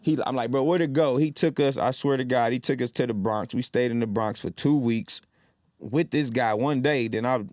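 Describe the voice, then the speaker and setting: A man in his thirties from Detroit, telling lively stories as a podcast guest and acting out what people said. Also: medium pitch, normal speed, dry recording, studio quality. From Detroit, Michigan. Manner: animated storyteller, loud when acting out quotes. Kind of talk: casual storytelling.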